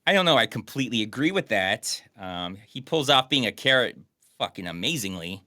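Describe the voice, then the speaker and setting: A man's voice: on the low side, very animated, fairly quick, bright, forceful tone, no room sound, studio quality. A man co-hosting a casual podcast, bantering and joking about a movie. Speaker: podcast co-host. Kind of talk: casual chat.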